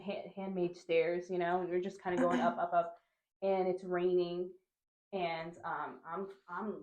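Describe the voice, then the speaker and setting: A young woman from Honduras, a guest telling a travel story in a casual, animated way, acting out the dialogue and laughing often. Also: fairly low pitch, measured pace, lo-fi sound. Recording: roomy echo.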